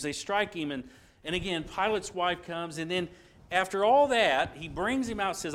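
A man teaching an informal Bible lesson, retelling the scene in a conversational way with restarts and asides, moving between loud passages and hushed ones. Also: high-pitched, lively intonation, moderate pace.

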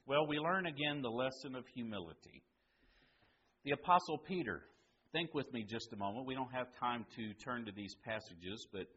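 A man with a medium-pitched voice preaches a sermon, putting questions to his listeners and swinging from loud emphasis to quiet, hushed lines. The audio has its highs cut off and a little hiss or hum.

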